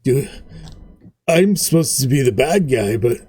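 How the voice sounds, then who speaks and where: A man's voice: mid-range voice, lively intonation, measured pace, mellow, husky. A man voicing a defeated male orc warrior who pleads in a self-pitying whine. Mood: despairing plea.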